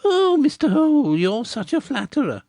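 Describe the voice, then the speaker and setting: A man's voice: extremely high pitch, sing-song, normal speed, dark tone, no room sound, pitched above the performer's own voice, heavily acted. A man voicing a stout, matronly village woman who speaks tartly in a rustic dialect. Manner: tart, skeptical rustic speech.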